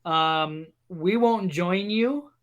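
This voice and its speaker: Man from wisconsin, podcast co-host, opinionated, halting, somewhat high voice. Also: muffled recording. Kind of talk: casual chat.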